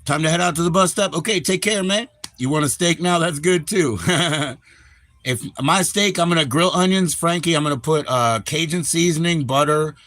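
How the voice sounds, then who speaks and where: A man's voice: fairly high pitch, normal speed, a bit bright, dry recording. Laid-back male streamer, rambling slangy chat, dry close sound. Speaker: live streamer. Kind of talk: casual live-stream chat.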